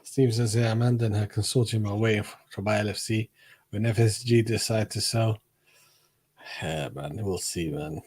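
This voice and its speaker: A man's voice: lowish voice, moderate pace, darkish tone, slightly rough. A man co-hosting a football chat, reading out viewer comments and chiming in with easygoing agreement. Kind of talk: casual chat.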